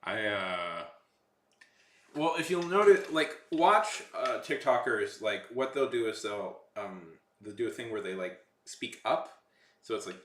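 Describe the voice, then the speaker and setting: A man from Texas talks casually on a livestream, rambling and joking with a bright, lively voice that rises and falls a lot. The room around him is echoey. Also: lowish voice, measured pace. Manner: rambling, jokey, chatty. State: slightly sick. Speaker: streamer.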